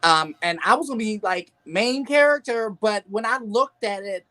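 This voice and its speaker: A woman co-hosting a casual chat show tells stories in an animated way and laughs often. She speaks at a medium pitch and a normal speed.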